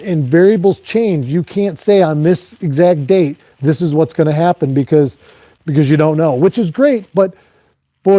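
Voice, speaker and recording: Rambling male fishing guide, mellow tone. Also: on the high side, no echo. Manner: rambling, with many "um"s and restarts. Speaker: fishing guide and live-stream host. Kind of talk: casual live chat reading viewer comments.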